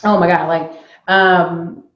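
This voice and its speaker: Woman guest, animated storyteller, casual chat; room echo, a bit muffled. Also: fairly low pitch, slow pace. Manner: animated storyteller, acts out quoted voices. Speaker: guest, YouTuber and entrepreneur.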